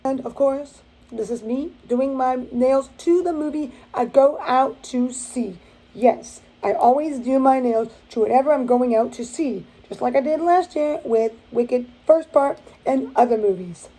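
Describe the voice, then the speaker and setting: Bubbly high-voiced woman narrating nail art. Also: mellow, low-quality recording. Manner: bubbly, playful, drawn-out exclamations. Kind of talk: voice-over narration of a nail tutorial.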